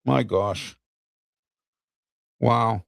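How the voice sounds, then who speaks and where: A man's voice: on the low side, drawn-out words, gravelly, no echo, studio quality. A middle-aged man hosting an opinion show, ranting bluntly and with exasperation straight to his viewers.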